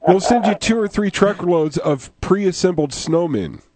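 A man's voice: high-pitched, lively intonation, a little slow, warm tone. A man co-hosting a call-in radio show, cracking jokes and welcoming callers to the line. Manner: jokey, wisecracking. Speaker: radio co-host. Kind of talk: casual call-in radio banter. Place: radio studio.

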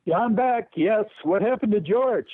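A man calling in to a talk show, reading a poem slowly and carefully. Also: high-pitched, expressive, no echo. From Michigan. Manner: slow, measured reading. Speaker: caller. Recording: phone line.

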